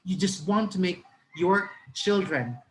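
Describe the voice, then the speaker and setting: A middle-aged Filipino man leads a training session for teachers and drifts into a personal anecdote. His voice sits a little high, and he talks in a loose, conversational way, correcting himself often and slipping between English and Tagalog. A faint hum runs under the recording. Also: expressive, unhurried, a bit bright, rough recording. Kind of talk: storytelling in a live training session.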